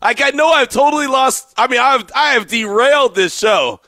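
A middle-aged man hosts a radio show in casual, animated banter. His voice sits very high and bright. The sound is dry and close to the mic. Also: moderate pace, dry recording. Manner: animated, teasing, laughs often.

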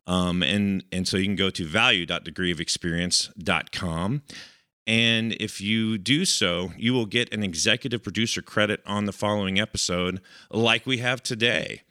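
A man's voice: fairly low pitch, moderate pace, pushed and bright, no echo, clean studio sound. A man co-hosting a casual podcast, rambling with lots of fillers and easy laughs. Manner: rambling, filler-heavy, chuckling. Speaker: podcast co-host.

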